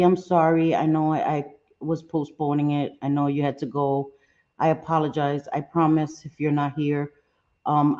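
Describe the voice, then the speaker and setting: A woman's voice: sits low, mellow, muffled recording. A woman hosting a casual livestream, apologetic and chatty, greeting her viewers one by one. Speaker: livestream host.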